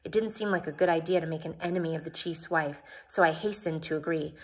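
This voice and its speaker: A woman's voice: low-pitched, fast talker, hardly any pauses, slightly rough. A woman reading a novel aloud, narrating expressively in the first person and chatting briefly at the end. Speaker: audiobook reader.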